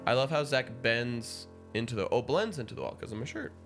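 A man's voice: medium pitch, brisk, over loud music. A man hosting a live improv comedy show, joking and bantering.

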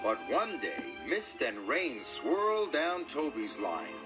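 A man narrating a children's story in a slow, gently expressive way. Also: medium pitch. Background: music.

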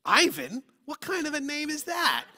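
A pastor putting on a bouncy five-year-old boy who shouts his questions with eager cheer. The voice sits high and bright, and it is plainly a grown man's playful take on a small child. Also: huge pitch swings, normal speed, long reverb tail, heavily acted.

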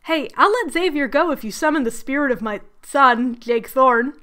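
A smooth-talking male devil with a put-on American Southern drawl, as a woman plays him. He sounds friendly and coaxing, casual about everything. The voice sits fairly high and bright. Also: lively intonation, moderate pace.

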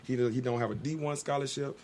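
A man, a guest telling a long story in casual talk on a radio show, animated and acting out the people he quotes. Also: mid-range voice, fast, a little hiss or hum.

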